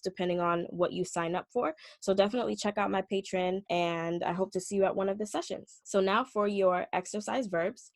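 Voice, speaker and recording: A woman teaching an online language lesson, explaining clearly and patiently and drawing out example words slowly. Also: lowish voice, dry recording. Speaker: Hebrew teacher.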